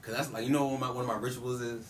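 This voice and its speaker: A man's voice: mid-range voice, steady tone, very fast, reverberant, a crowd in the background. A young man, a college football player, teasing his teammates in slangy casual chat. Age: young adult.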